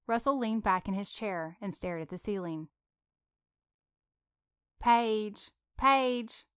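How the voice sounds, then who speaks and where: A woman narrating a romance audiobook in an even, measured reading. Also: mid-range voice, clear, resonant tone, no echo, clean studio sound.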